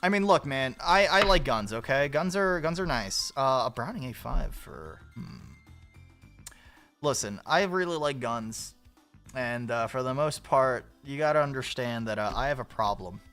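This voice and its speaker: A man hosting a livestream in a casual, rambling chat, swearing freely and breaking into loud laughs. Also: medium pitch, animated, normal speed, soft background music. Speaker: livestream host.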